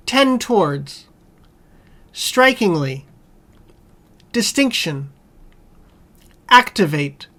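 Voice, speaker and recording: Very slow woman reading a word list. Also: mid-range voice, a bit bright. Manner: slow, measured, one word at a time with long pauses. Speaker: vocabulary reader.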